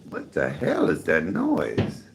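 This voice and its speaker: A man in his fifties with an extremely deep, gravelly voice rambles to the camera in a casual home vlog. His delivery swings widely and lively, and he keeps coming back to the same catchphrases. A faint hiss of noise sits under the recording. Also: slow. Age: 50s. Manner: animated, repeats "come on, somebody". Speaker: vlogger. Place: home apartment, indoors, cooking. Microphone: camera mic.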